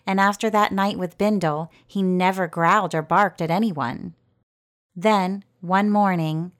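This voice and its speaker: A woman narrating a fairy tale in a gentle storytelling manner. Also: mid-range voice.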